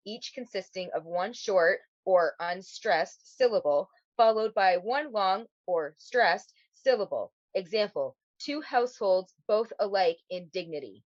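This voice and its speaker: A woman's voice: on the low side, no echo. A woman in her thirties co-hosting a casual podcast chat, swearing freely and laughing often. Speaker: podcast co-host. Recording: dull, lo-fi dry sound.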